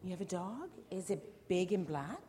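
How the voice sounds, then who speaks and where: A woman teacher talking gently with young children, asking them questions and telling them a story. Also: lowish voice, big pitch swings, moderate pace. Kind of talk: classroom storytelling. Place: classroom. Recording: noisy classroom recording.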